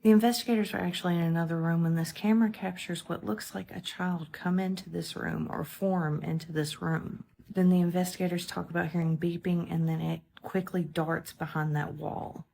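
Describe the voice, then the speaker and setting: A low, gravelly-voiced woman narrates a paranormal clip in a casual, matter-of-fact tone. Faint noise hums beneath her voice. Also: steady tone, moderate pace, hardly any pauses, warm tone.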